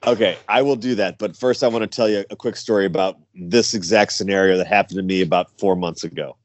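A man's voice: low voice, fast, dry recording. A man, a wrestler guest, telling stories in casual chat, acting out quotes and laughing often. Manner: animated storyteller, acts out quotes, laughs often.

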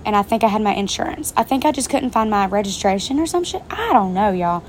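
A woman's voice: mid-range voice, lively intonation, quick pace, slight background noise. Chatty, swearing young woman telling a story. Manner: chatty, profane, speaking straight to viewers. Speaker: vlogger. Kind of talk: casual storytime vlog. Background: faint rain.

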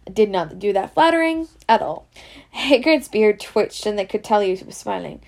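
A woman's voice: mid-range voice, lively intonation, moderate pace, gravelly, darkish tone. Woman reading a novel aloud. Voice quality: reads in a Scots voice, slips into dialect words. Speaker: reader.

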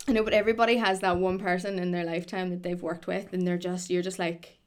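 A woman's voice: fairly low pitch, flat delivery, fast, clear, resonant tone. A woman guesting on a podcast in casual chat, teasing the host and laughing often.

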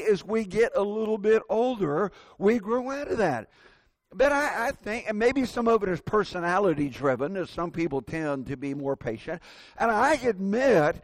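A man's voice: high voice, dry recording. An older man preaching a sermon, telling folksy, self-deprecating stories from everyday life.

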